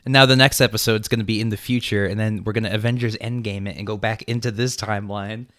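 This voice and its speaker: A man playing in a tabletop game podcast, joking in a deadpan way and quick to argue. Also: on the low side. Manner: deadpan, argumentative. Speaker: player. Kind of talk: casual podcast chat.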